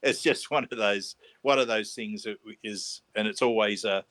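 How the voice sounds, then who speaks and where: A man's voice: lowish voice, moderate pace, a bit bright, no room sound. An Australian man co-hosting a podcast, thinking aloud in a hesitant way with frequent restarts. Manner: thoughtful, hesitant, lots of restarts. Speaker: podcast co-host. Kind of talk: casual chat.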